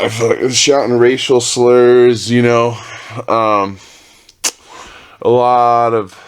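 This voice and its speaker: Male podcast host, 30s, low voice, loose and profane solo storytelling that keeps restarting. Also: smooth. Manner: rambling, profane, self-interrupting. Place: home with dogs.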